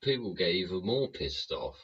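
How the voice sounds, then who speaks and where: A man's voice: deep voice, sing-song, moderate pace, fairly bright tone, slightly rough. A man hosting his own show, delivering a profane political rant full of swearing and tag questions. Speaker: show host. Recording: dull lo-fi sound.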